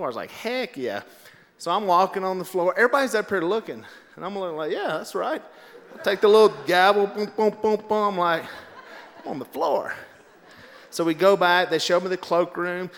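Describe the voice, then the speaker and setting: Man, comic storyteller; high-pitched, lively, laughs at his own lines, live stage in a big echoey hall. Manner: animated, laughs through his own punchlines. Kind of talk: comedic storytelling to a live audience.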